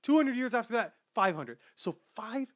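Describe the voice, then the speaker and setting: A young adult man hosting a casual podcast about manga chapters, rambling with many fillers and growing excitable as he talks. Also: extremely high pitch, moderate pace, no room sound, clean studio sound. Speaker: podcast host.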